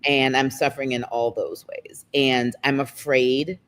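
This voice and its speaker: A woman, a guest talking candidly in an interview, emotional and close to tears, her pace speeding up and slowing down. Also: very deep voice. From United States. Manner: emotional, expressive, quick shifts in pace. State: near tears.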